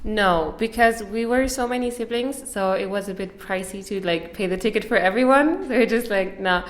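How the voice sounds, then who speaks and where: A woman's voice: mid-range voice, normal speed, roomy sound. A young woman from Switzerland, a podcast guest chatting casually and laughing often at herself. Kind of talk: casual interview chat.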